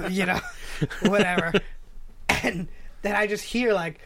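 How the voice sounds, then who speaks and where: A man telling a long, animated story in casual chat. He acts out the people he quotes, swears freely and laughs often. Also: high voice, measured pace, pauses often, slight background noise. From New York.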